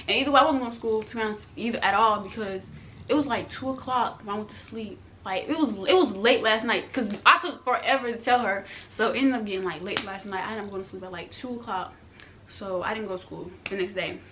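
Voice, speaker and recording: A young woman telling her own story to viewers in a casual storytime vlog. She talks fast and chatty, full of slang, and addresses the audience directly. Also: medium pitch, pushed and bright, slight background noise.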